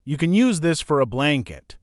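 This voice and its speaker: A man's voice: on the high side, big pitch swings, moderate pace, dry recording, studio quality. A man voicing a kindly older man, a joking grandfather who teases easily. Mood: teasing. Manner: joking, easygoing teasing. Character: teasing older man, kind grandfather driver.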